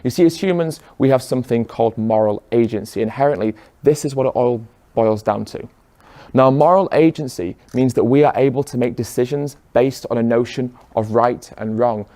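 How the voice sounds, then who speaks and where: A man's voice: medium pitch, normal speed, mellow. A man giving a persuasive speech to an audience in a room, pressing them with rhetorical questions. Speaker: speaker.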